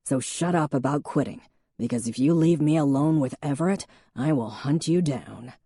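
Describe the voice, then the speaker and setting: A woman narrator voicing a patient, dry-humored male police chief who speaks steadily and calmly. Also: mid-range voice, moderate pace, slightly rough, no room sound, lightly acted. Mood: steady. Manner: steady, calm, gently teasing.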